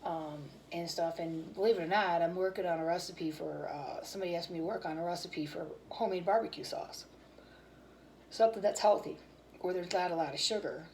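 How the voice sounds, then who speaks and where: A woman's voice: fairly low pitch, fairly quick, darkish tone, slight background noise, rough recording. A woman hosting her own cooking channel, chatting casually and candidly with viewers while tired and yawning. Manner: rambling, candid, talks about fitness and feelings.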